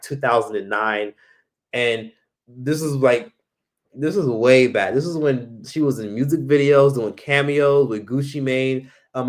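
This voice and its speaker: A man hosts a casual live stream, rambling and swearing freely. He reads viewer comments aloud and answers them in a loose, conversational way. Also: mid-range voice.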